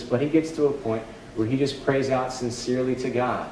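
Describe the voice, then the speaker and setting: A man's voice: mid-range voice, sing-song, brisk, a little hiss or hum. A man preaching a sermon as a pastor, in a conversational, emphatic and self-deprecating way. It sounds like an echoey church hall heard from a distance.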